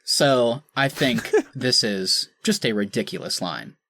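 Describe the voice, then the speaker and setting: A man co-hosting a podcast, chatting casually with animated, jokey delivery and mock outrage. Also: medium pitch, slow pace. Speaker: podcast co-host.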